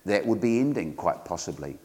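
Low-voiced New man preaching in a church. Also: animated, fairly quick, dark tone, long reverb tail. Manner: earnest, conversational preaching with frequent fillers and restarts. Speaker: pastor. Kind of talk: sermon.

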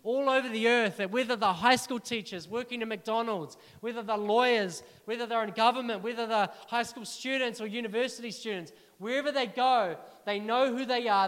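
A man preaching a sermon to a church congregation, energetic and urging the crowd to respond. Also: sits high. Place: church hall. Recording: long reverb of a large hall.

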